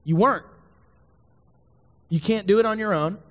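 A man's voice: high-pitched, normal speed. A man preaching a sermon as a youth pastor, speaking earnestly to his listeners and repeating the key lines. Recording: long hall reverb.

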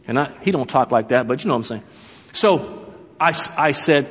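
Husky-voiced man preaching in a hall. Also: fairly high pitch, lively intonation, moderate pace, a bit bright. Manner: storytelling with humor, talks to the congregation. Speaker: pastor. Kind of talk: sermon. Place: church sanctuary. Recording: echoey hall, dull lo-fi sound.

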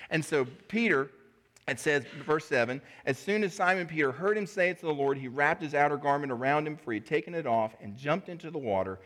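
A man's voice: animated, a little fast, fairly bright tone. A man preaching a sermon in a conversational way, acting out the dialogue of the people in his story. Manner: conversational, acts out dialogue with sudden pitch jumps.

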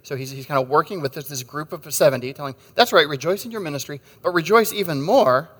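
Wry preacher in a reverberant hall. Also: male voice, on the high side, lively intonation, fast talker, fairly bright tone. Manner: conversational and wry, with asides and jokes. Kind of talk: sermon with storytelling.

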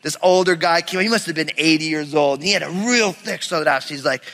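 A man from New York preaching a sermon as pastor, animated and conversational, acting out stories. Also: fairly high pitch, fast talker, in a large hall. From New York area. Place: church sanctuary.

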